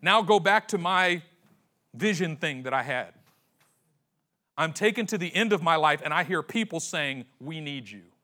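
A man preaching a sermon, retelling a story with slangy acted-out voices and dramatic pauses. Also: on the high side, animated, sharp tone. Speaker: pastor.

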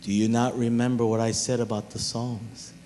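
A man preaching a sermon as pastor, animated and talking straight to his listeners, even humming tunes to make a point. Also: medium pitch, moderate pace, a little hiss or hum. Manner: animated preaching, talks to the crowd.

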